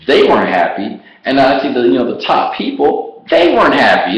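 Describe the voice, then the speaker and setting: A man vlogger telling his personal story to the camera in an animated way, laughing often and acting out what he once said. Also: mid-range voice, normal speed, gravelly, few pauses. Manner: animated, laughs often, acts out his own past words. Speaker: online business vlogger. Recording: roomy echo.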